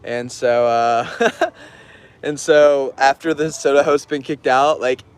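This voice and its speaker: A man's voice: mid-range voice, fairly even intonation, slow, smooth. Rambling man telling stories on a stream. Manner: rambling, many fillers, laughs often. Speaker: artist streaming an auction. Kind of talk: casual livestream storytelling.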